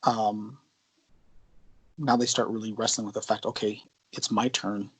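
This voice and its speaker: A low-pitched man with a husky edge to his voice talks through his point in a relaxed conversational way. He tells stories, stopping and restarting his sentences as he goes. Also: rough recording. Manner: anecdotal, halting with restarts. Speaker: co-host of a Christian mentorship show. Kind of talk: casual discussion.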